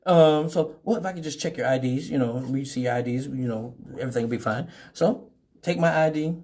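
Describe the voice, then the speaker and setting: A man hosting a live show, from Detroit, telling profane stories with animated voices for each person in them. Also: medium pitch, a little fast. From Detroit, Michigan. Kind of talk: casual storytelling.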